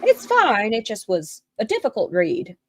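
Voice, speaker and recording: A woman's voice: fairly high pitch, wildly swooping pitch, measured pace, no room sound. A woman hosting a livestream, reading out a written statement and viewers' chat messages and commenting on them bluntly, swearing casually. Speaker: livestream host.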